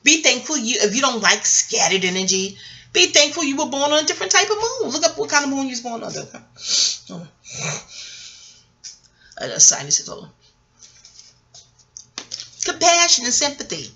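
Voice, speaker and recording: Casual and rambling, a middle-aged American woman jumps between tangents in her vlog and swears freely. She speaks in a high, sing-song, sharp-toned voice at a moderate pace, with long pauses.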